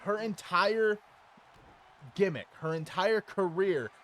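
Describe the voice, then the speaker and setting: A man's voice: high voice, slow, fairly bright tone, slight background noise. Blunt, argumentative man calling a game. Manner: blunt, argumentative, swears freely. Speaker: co-host commentator. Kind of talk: casual video game commentary.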